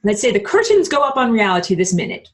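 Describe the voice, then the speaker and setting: A woman teaching a live-streamed spiritual course, chatty and bubbly, answering chat comments and acting out quoted people in a higher voice. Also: big pitch swings, fast talker, breathy edge. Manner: many fillers like "like" and "um".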